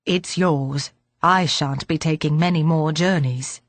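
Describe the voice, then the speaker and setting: A woman's voice: sits low, measured pace, dry recording, pitched below the performer's own voice. A woman reading an audiobook, voicing a very old man who speaks dryly and fretfully. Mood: kindly. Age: older. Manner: dry, fretful.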